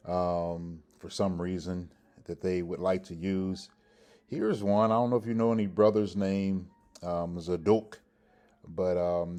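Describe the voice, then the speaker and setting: Man, very low voice, unhurried, teaching Hebrew grammar, repeats words for pronunciation drills. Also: darkish tone. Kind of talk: slow spoken grammar lesson.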